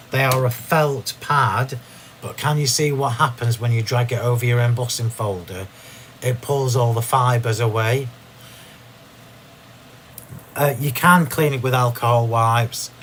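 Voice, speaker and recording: A man's voice: mid-range voice, fairly bright tone. A man hosts a live crafting demonstration from his home craft room. He talks in a chatty, rambling way, restarting sentences and laughing at his own mishaps, in an ordinary mid-range voice. A faint background hiss sits under the recording. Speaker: craft demo host.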